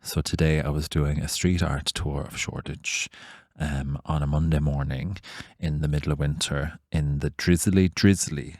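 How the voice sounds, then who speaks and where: Deep-voiced Irish man telling stories. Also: normal speed, hardly any pauses, dry recording, clean studio sound. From Ireland. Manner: animated, sweary storyteller acting out dialogue. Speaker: podcast co-host and tour guide. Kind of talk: casual storytelling chat.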